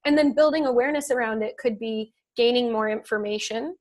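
Podcast guest, woman, higher voice, earnest and thoughtful, loose conversational delivery. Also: brisk. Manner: thoughtful, earnest, explanatory with many fillers. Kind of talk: casual conversational explanation.

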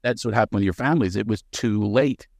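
A man talking as a podcast guest, animated and quick with sarcastic jokes. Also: fairly low pitch, creaky, dry recording, studio quality. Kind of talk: podcast interview conversation.

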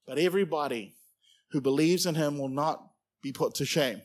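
A man preaching a sermon, animated and playful, acting out little characters as he goes. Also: on the high side, moderate pace. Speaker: pastor.

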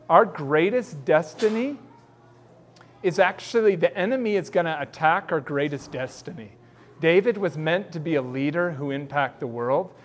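A man preaching a sermon in a casual, animated storytelling way, acting out bits of dialogue. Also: high voice. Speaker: pastor.

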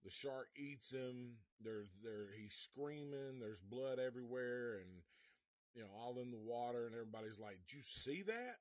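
A man's voice: mid-range voice, steady tone, moderate pace, a little mellow, dry recording. A man giving a casual live movie review, rambling and swearing freely, with many restarts. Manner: rambling, profane, restarts often.

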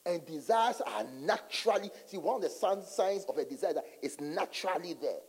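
A man's voice: high voice, a little fast. A man preaching a sermon as a pastor, telling stories dramatically and acting out voices. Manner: animated, dramatic storytelling with acted-out asides. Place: large church hall. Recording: long hall reverb in church.

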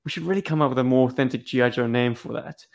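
A man's voice: mid-range voice, very fast, creaky. Easygoing man hosting a podcast. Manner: easygoing, chatty. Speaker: podcast host. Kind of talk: casual chat.

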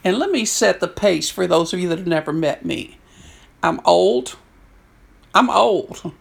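Older lady chaplain, gravelly voice, animated storytelling, acts out what folks said. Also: lowish voice, measured pace. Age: 60s. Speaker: prison chaplain. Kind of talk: storytelling talk.

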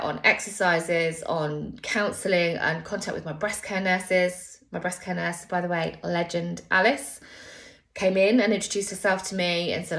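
A woman's voice: on the low side, fairly bright tone. A woman telling a personal story candidly and with emotion, sometimes swearing.

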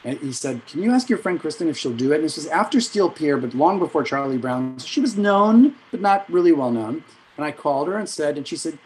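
A middle-aged man with a slightly raised voice spins chatty, rambling anecdotes about his years as a vocal coach and music director. He corrects himself mid-sentence and adds quick asides as he goes. Faint background noise sits under the recording. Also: a little high, animated, darkish tone, poor audio. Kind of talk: storytelling in an interview.

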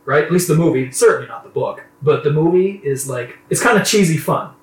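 Guy cohosting a podcast, lively and jokey, sounds far from the mic in an echoey room. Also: a little high, brisk. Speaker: podcast host. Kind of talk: casual chat. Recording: roomy echo, off-mic.

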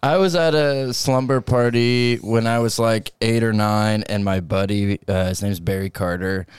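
A man who is a guest on a comedy podcast, telling dark jokes and anecdotes in a deadpan way. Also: fairly low pitch, unhurried, clear, resonant tone, no room sound. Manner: deadpan, dark-humored storytelling. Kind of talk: casual comedic chat.

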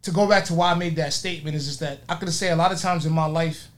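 Fast-talking man hosting a casual podcast. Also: on the high side, fairly even intonation. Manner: fast, loose talker with many restarts. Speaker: podcast host.

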